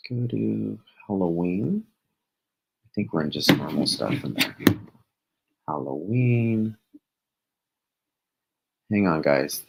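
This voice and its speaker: Very deep gravelly man guiding a livestream. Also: low-quality recording. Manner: directs the other host step by step, laughs easily. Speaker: co-host. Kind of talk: casual live-stream chat.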